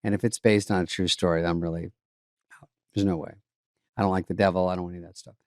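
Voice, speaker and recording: A man's voice: deep voice, fairly even intonation, fast talker, a little mellow, no room sound, studio quality. A man co-hosting a podcast, trading sarcastic, rambling comic riffs in casual chat. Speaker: podcast co-host.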